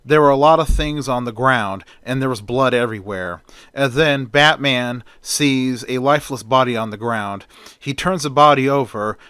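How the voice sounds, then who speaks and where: A man narrates a homemade hero story in a plain, chatty manner. His voice sits at an ordinary middle pitch. The recording is dry and close. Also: normal speed, fairly bright tone, clean tone, no room sound. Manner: plain, chatty retelling with "and then". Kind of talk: casual amateur storytelling.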